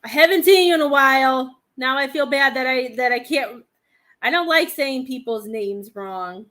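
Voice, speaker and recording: A woman's voice: high-pitched, moderate pace, sharp tone. A woman hosting a live-stream psychic reading, hesitant and thinking aloud as she speaks to viewers by name. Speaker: psychic medium host.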